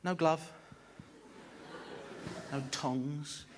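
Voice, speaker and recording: A man's voice: fairly high pitch, very slow. A man doing a stand-up comedy story on stage, theatrical and mock-anguished. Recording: live stage recording with audience noise.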